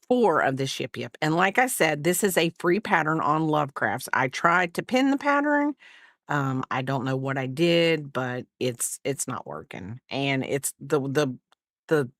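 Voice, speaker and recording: Hosting a casual crafting stream from her home, a woman chats and rambles while frequently apologizing for herself. She has a deep, slightly bright voice, recorded dry with clean studio sound.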